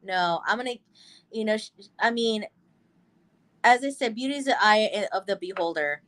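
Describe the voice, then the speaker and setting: A woman's voice: medium pitch, moderate pace, fairly bright tone. A woman co-hosting a casual chat show, talking earnestly and rambling with fillers and restarts. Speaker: co-host.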